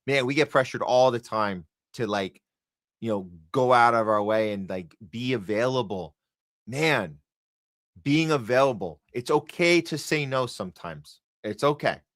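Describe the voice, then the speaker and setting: A man's voice: medium pitch, sharp tone, dry recording, studio quality. A man hosting a podcast, talking casually and encouragingly, wandering and restarting his sentences. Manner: rambling, encouraging, many restarts. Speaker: podcast host.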